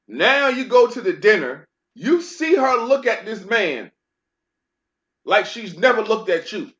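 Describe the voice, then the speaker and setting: A man's voice: high voice, fairly bright tone. A man co-hosting a casual chat about a TV show, talking in an incredulous, emphatic way. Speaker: podcast co-host. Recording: dull lo-fi recording.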